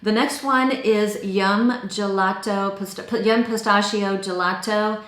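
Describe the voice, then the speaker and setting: A middle-aged woman talks casually through a perfume review, at a mid pitch for a woman. She describes each scent in eager, chatty detail. The voice carries a noticeable roomy echo. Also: steady tone, slow, fairly bright tone.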